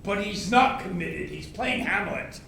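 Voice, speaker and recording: An actor playing an earnest man defending theater as art in a live stage play, speaking in a measured way. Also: sits high, expressive, creaky, bright, forceful tone, slight background noise, heavily acted. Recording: very echoey stage from far off.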